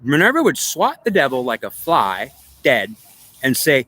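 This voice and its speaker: A man's voice: mid-range voice, sing-song, moderate pace, sharp tone. A man giving a rambling spiritual monologue, repeating himself and arguing with himself in questions and answers. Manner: repetitive, circling back on his own points. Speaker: spiritual speaker.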